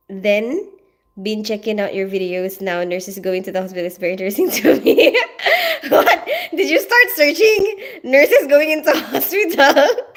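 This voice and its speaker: Chatty woman on a livestream. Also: a little high. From Philippines. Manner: chatty and rambling, heavy on "you know" and "like", laughs often. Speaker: nurse and livestream host. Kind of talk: casual livestream chat, greeting viewers.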